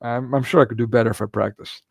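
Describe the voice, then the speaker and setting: A man's voice: medium pitch, steady tone, quick pace, gravelly, breathy edge, dry recording. A man hosting a casual livestream commentary, talking in a rambling way with frequent restarts and filler words. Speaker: livestream host.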